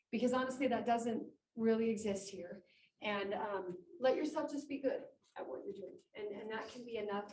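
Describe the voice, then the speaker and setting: Lady giving a lively inspirational talk, highish voice, echoey room, mic kinda far off. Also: a little hiss or hum. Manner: animated, acting out quoted speech. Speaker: conference speaker. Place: meeting room with about twenty people.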